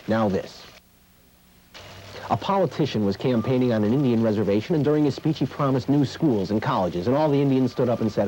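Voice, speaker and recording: A man hosting a mock news segment, telling old jokes with a dry, measured delivery. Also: mid-range voice, expressive, mellow, a little hiss or hum, low-quality recording. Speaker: comedian host.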